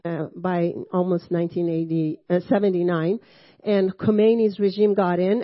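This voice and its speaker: A woman's voice: mid-range voice, dry recording, muffled recording. A woman in her sixties with a Persian accent, speaking as a guest at a church service and telling her testimony in a chatty way, full of fillers and restarts. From Iran. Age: 60s. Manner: conversational with frequent fillers and self-interruptions, laughing asides. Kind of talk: personal testimony sermon.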